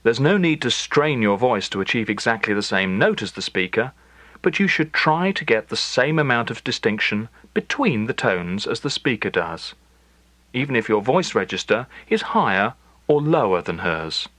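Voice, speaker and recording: A man narrating a recorded language lesson in a clear, measured teaching manner. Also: medium pitch, very animated, a bit bright, dry recording. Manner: clear, measured instructional delivery.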